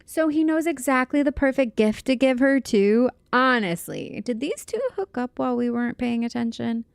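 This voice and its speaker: Giggly woman streamer with a gravelly voice. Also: on the high side, normal speed, dry recording. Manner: giggly, chatty, reacting to chat. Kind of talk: casual livestream chat while gaming.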